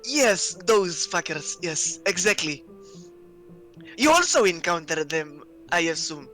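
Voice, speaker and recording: A man's voice: high voice, very animated, slow pace, sharp tone, faint music behind. A chatty man talking in character as a player at a tabletop game, often stumbling over his words.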